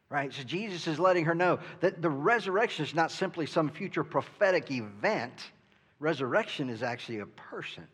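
A man's voice: on the high side, expressive, a little fast, a bit bright, slightly rough. A male pastor preaching a sermon in an earnest way, often asking "right?" and stumbling over the starts of his sentences. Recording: long reverb from a hall.

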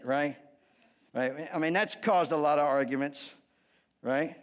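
A man's voice: on the high side, measured pace, long pauses, dull audio. A man preaching a sermon as pastor, conversational and wry, often checking in with the congregation.

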